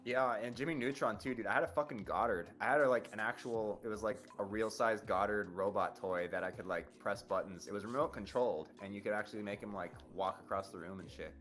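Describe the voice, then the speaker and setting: A man's voice: lowish voice, fast, hardly any pauses, fairly bright tone. A young man in casual chat, talking eagerly and swearing a lot.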